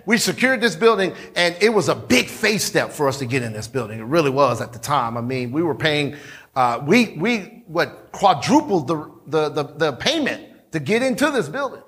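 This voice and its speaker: A pastor preaching a sermon in a church, talking conversationally, repeating himself and calling on the congregation. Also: male voice, on the high side, very animated, normal speed, fairly bright tone. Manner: conversational, repetitive, calls on the congregation.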